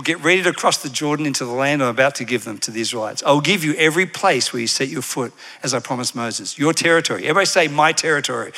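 Male preacher, bright and fairly high, energetic sermon delivery with call-and-response. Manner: animated, digressive storytelling.

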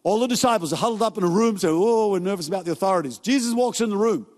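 Male pastor, fairly high voice, casual joking sermon delivery, recorded with long church-hall reverb. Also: darkish tone. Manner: casual, joking storytelling with quick asides.

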